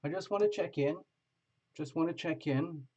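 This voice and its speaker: A chatty man with a fairly high voice hosts a casual live tarot stream, greeting viewers one by one. The sound is dull and muffled, like a lo-fi recording. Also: normal speed, darkish tone. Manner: chatty, greets viewers by name, laughs often.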